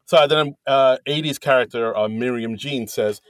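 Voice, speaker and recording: A man of middle pitch recapping sketches in casual chat, stopping and restarting often. The sound is dry and close, with no room around him. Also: no echo. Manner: halting, many fillers and restarts, chuckling. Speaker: podcast co-host.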